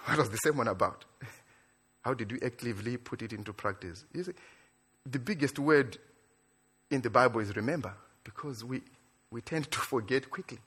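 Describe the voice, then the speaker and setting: A man from Africa preaching a sermon in a church, animated, building to excited near-shouts and then dropping low and quiet. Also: moderate pace, pauses often, slightly rough. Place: church in Australia.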